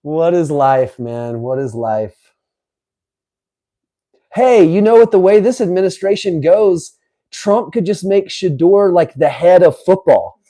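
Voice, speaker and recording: A man hosting a live stream, chatting casually and reading aloud with incredulous, animated asides. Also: sits high, unhurried, low-quality recording. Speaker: livestream host. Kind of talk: live-stream reaction chat.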